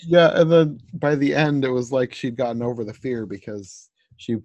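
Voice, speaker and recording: A woman's voice: a bass voice, moderate pace, dark tone, no room sound, muffled recording. A young woman co-hosting a podcast, chatting casually about a movie in a rambling way, full of "like" and small laughs. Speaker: podcast co-host. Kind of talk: casual chat reviewing a movie.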